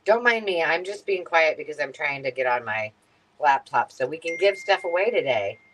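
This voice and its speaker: Low, lively woman host. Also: moderate pace, slight background noise, poor audio. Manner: animated, talks to viewers with fillers. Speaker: host of a live craft sale stream. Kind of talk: casual chat.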